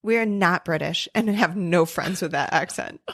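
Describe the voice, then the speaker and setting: A woman's voice: fairly low pitch, a little slow, a bit bright, no room sound, clean studio sound. A young adult woman co-hosting a podcast in casual chat, reading out listener stories with rambling, swearing asides. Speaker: podcast co-host.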